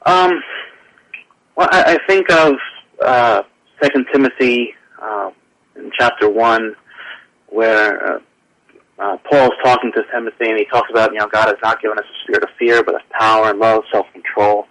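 A man's voice: lowish voice, fairly even intonation, moderate pace, a bit bright. A man as a guest on a radio interview, speaking earnestly with many fillers and restarts. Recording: tinny phone line.

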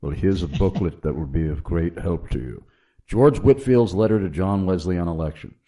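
A man voicing a kindly older British gentleman with a deep voice and a British accent. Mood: helpful. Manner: deep, measured, helpful.

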